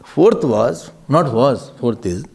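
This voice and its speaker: An Indian man giving a devotional talk as a swami, animated and laughing often, mixing in Hindi words. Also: mid-range voice, takes it slowly, husky.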